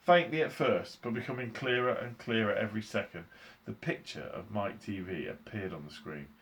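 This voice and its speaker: A male teacher reading a storybook aloud to a class in an expressive, animated way. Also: lowish voice, normal speed.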